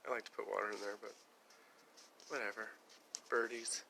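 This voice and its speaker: A man's voice: lowish voice, little pitch movement, normal speed, creaky, sharp tone. Young man, rambling, preachy, chatty with viewers, faint background noise. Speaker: livestream host. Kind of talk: casual livestream talk.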